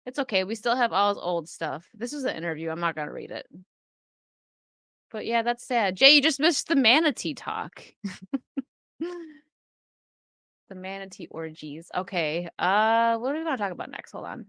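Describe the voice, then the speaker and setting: A woman's voice: mid-range voice, expressive, moderate pace, pauses often, a bit bright, no echo, studio quality. A woman chatting casually on her livestream, reacting to chat and laughing often into a desk microphone. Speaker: streamer chatting with live chat.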